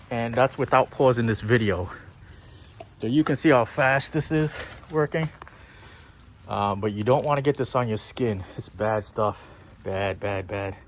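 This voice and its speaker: A man's voice: mid-range voice, unhurried, long pauses, slight background noise. A man vlogging outdoors at a boatyard, talking straight to viewers in a chatty, enthusiastic way. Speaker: boating vlogger. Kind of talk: casual on-camera commentary.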